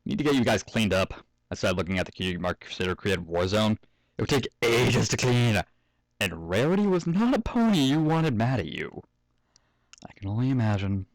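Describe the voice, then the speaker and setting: A young man reads a fan story at home in a casual way, regularly stopping to joke, curse and laugh. His voice is on the low side and creaky, with big pitch swings and a moderate pace. The recording is dry and the audio poor.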